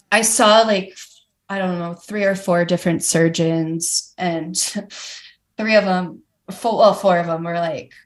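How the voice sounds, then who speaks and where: A woman guest on a podcast, telling her story candidly and animatedly, with many "like" fillers. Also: mid-range voice. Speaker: guest, professional climber. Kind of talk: casual podcast interview.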